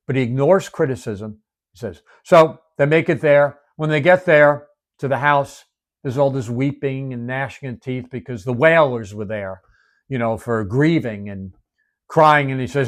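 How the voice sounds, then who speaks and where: Man, preacher, sermon, animated storytelling, emphatic and hushed turns. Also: medium pitch, moderate pace.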